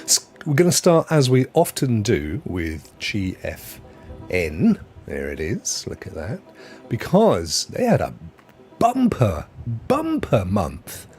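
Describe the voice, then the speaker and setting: A male stream host chatting at home, his voice leaping up and down with big swings in pitch. He jokes around and laughs at his own gags, with faint music playing behind him. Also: wildly swooping pitch, slow, darkish tone. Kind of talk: casual live-stream chat.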